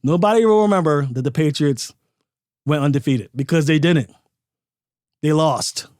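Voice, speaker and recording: A man with a somewhat high voice delivers opinionated football commentary, punching his points with emphasis and rhetorical questions. The sound is dry and close, with no room around it. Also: normal speed, a little mellow, no echo. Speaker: sports podcast host.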